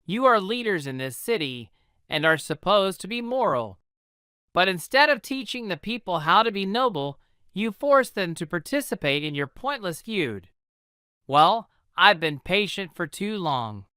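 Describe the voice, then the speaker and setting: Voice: mid-range voice, sing-song, unhurried, bright, forceful tone, clean tone, no echo, studio quality, voice pushed up. A reader voicing a stern prince who scolds the city's leaders, in a storybook reading for English learners. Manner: commanding, scolding. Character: stern commanding prince, ruler of the city.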